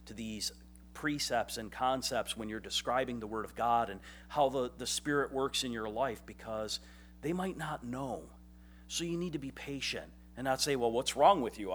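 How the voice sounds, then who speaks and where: A man's voice: mid-range voice, fairly bright tone, a little hiss or hum. Conversational male preacher. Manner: conversational, self-deprecating, acts out quotes. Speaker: pastor. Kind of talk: sermon.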